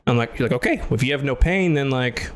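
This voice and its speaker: A man hosting a podcast, telling a story in casual chat, acting out both voices, swearing and laughing loudly. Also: mid-range voice, animated, fast talker. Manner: swears casually, says "like" often. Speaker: podcast host.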